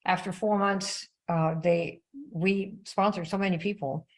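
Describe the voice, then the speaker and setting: An older woman coaching on network marketing in an animated, conversational live-stream talk. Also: fairly low pitch, a little slow, poor audio.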